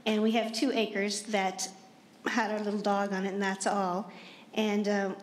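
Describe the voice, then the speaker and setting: A woman's voice: mid-range voice, flat delivery, unhurried, roomy sound. A woman novelist from Canada, talking about her life in a chatty, down-to-earth way. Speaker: novelist on a panel. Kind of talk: casual panel talk.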